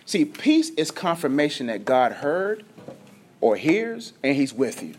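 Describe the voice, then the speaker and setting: High-voiced man preaching with energy. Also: a little slow, slight background noise. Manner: energetic preaching, swings between loud and hushed; sometimes stutters and trips over words. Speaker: pastor. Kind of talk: sermon.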